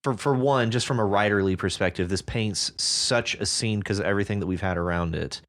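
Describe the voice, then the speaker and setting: Man, podcast co-host, very deep voice, measured, thoughtful. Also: fairly bright tone. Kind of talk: casual discussion of a story.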